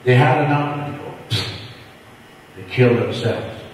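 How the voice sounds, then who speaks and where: A man's voice: mid-range voice, slow, a little mellow, slight background noise. A man preaching a fervent revival sermon, emphatic and given to repeating phrases. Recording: echoey hall from far off.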